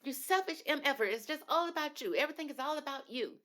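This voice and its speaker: Scornful wife, sharp, mocking, high-pitched, woman doing the voice. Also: lively intonation, quick pace. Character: scornful woman contestant snapping at her husband.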